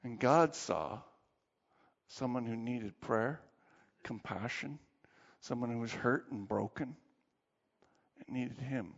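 Slow and medium-pitched, a male pastor's creaky voice pauses often as he preaches with animated storytelling, closing in quiet prayer. A dull recording carries long hall reverb.

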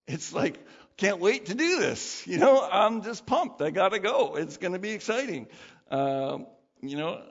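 A man preaching a sermon as pastor, conversational and animated, acting out quoted voices. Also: mid-range voice, gravelly. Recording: dull sound with long hall reverb.

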